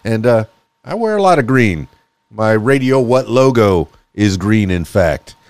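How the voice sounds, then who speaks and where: A man's voice: lowish voice, expressive, a little slow, darkish tone, no room sound. A man hosting a casual solo podcast, upbeat and chatty, laughing often. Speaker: podcast host. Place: small radio studio.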